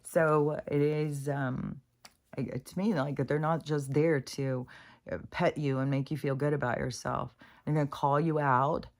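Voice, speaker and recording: Low-voiced woman rambling frankly to viewers. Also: flat delivery, measured pace. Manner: swears freely, frank and loose; heated, ranting at times. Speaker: spiritual vlogger. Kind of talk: casual rambling monologue to viewers.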